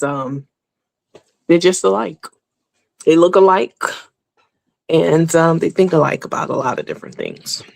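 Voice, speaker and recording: Woman host for a celebrity gossip rundown, blunt and candid, lots of fillers, gravelly edge, dry close sound. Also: a bass voice, darkish tone, no room sound. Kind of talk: casual celebrity gossip commentary.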